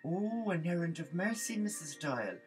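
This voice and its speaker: A man's voice: fairly high pitch, animated, moderate pace, soft background music, pitched above the performer's own voice, close to an everyday voice. A man voicing a nosy, gossiping Irish village woman who talks in a prying, sing-song way.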